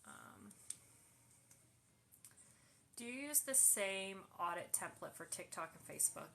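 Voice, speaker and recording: Bright-voiced woman answering live questions. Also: lowish voice, huge pitch swings, unhurried, vocal fry, a little hiss or hum. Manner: reads questions aloud then answers, many fillers. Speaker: host answering viewer questions. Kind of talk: casual live Q&A. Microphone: phone livestream.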